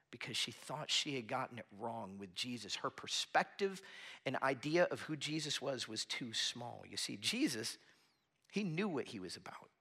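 A man's voice: mid-range voice, bright, forceful tone. A man preaching a sermon as pastor in a church with a small audience, earnest and conversational, often restarting his phrases.

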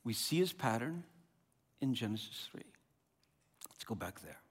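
A man preaching a sermon as pastor, animated and conversational, often restarting and repeating words. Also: mid-range voice, measured pace, slightly rough. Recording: long hall reverb.

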